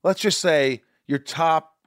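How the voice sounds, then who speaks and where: A man's voice: fairly high pitch, takes it slowly, no room sound, studio quality. A man hosting a casual interview, asking eager fan questions and swearing casually. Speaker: podcast host.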